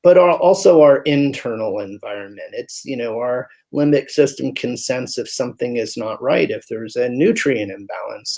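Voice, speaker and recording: A man with a gravelly, slightly husky voice talks through his ideas in an interview. He has an animated storytelling manner and often slips into voices for the people in his examples. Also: mid-range voice. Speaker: guest physician. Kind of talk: conversational interview.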